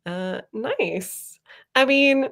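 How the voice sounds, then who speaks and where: A woman's voice: sits high, lively intonation, very slow, creaky, fairly bright tone. A woman co-hosting a live writing stream over a video call, chatting casually, laughing often and reading comments aloud. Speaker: co-host of writing sprint stream. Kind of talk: casual chat.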